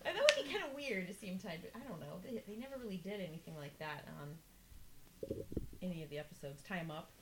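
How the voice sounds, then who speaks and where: A woman in casual chat about a TV episode, giving measured opinions and comparing the script with the aired show. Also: on the low side, sing-song, noisy background.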